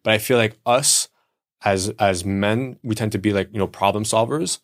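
A man with a fairly low voice co-hosts a casual podcast. He talks things through thoughtfully and leans on everyday examples to make his point. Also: normal speed. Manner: reflective, explains with examples. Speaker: podcast co-host. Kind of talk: casual chat.

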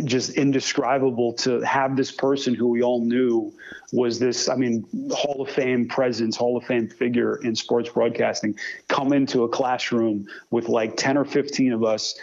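Gravelly-voiced man telling stories. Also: mid-range voice, highs cut off. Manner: animated storyteller who imitates his old mentor. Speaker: sportscaster guest. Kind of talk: conversational interview storytelling.

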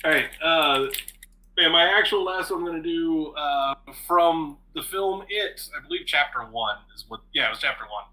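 A man co-hosting a casual podcast chat, telling a story with animated energy, swearing freely and laughing often. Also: fairly high pitch, moderate pace, poor audio. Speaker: podcast co-host.

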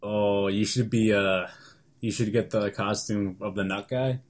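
A man's voice: on the low side, steady tone, a little slow. A young man co-hosting a podcast, chatting in a goofy, rambling way and laughing often. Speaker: podcast co-host. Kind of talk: casual chat.

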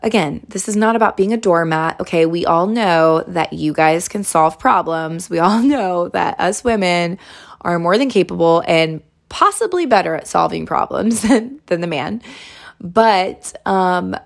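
A woman hosting a relationship advice podcast, talking gently and casually with lots of fillers and restarts. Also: fairly low pitch, lively intonation, unhurried, creaky.

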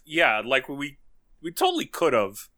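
Bright-voiced man rambling in casual chat. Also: a little high, huge pitch swings, measured pace. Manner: rambling, swearing, many restarts. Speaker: podcast co-host.

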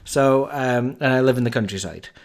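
A man in his forties hosts a podcast and tells a story about a night out, keeping it casual and poking fun at himself. He speaks at a moderate pace in a medium-pitched voice.

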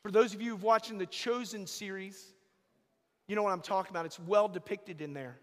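A man's voice: high-pitched, a little fast. A man, a priest, giving a sermon in a church, telling stories emphatically and repeating key phrases. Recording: long echo of a church hall.

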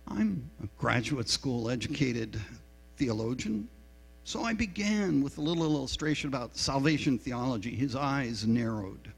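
A man's voice: medium pitch, expressive, a little slow, gravelly, husky. A middle-aged man preaching a sermon as a pastor, telling a story in a frank, self-deprecating way. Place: church sanctuary. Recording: reverberant hall with mains hum.

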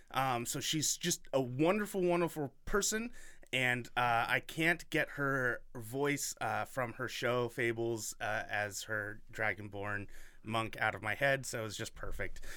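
A man's voice: medium pitch, pushed and bright, no room sound, clean studio sound. A man hosting a podcast in casual chat, rambling and enthusiastic with lots of fillers. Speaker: podcast host.

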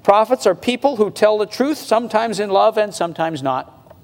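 A man with a high voice, preaching a sermon in a relaxed, conversational way. He slows right down to stress a point and climbs higher when he presses it home. The sound carries a long reverb, as in a big hall. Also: a little hiss or hum. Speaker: pastor.

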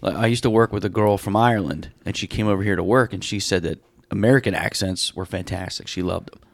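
A man's voice: fairly low pitch, fast talker, vocal fry, no room sound. A man hosting a casual podcast, easygoing and reading out the topics. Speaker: podcast host. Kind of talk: casual chat.

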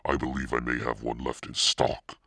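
Deep creaky man as a curt, quiet shopkeeper in a cape, very low and gravelly. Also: flat delivery, normal speed, dry recording, clean studio sound, heavily acted. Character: curt, strange man in black cape running a mask shop.

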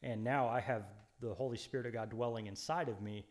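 In a mid-range, fairly even voice, a man speaks briskly while co-hosting a Bible study. He explains scripture earnestly and like a preacher, often restarting and stressing words emphatically.

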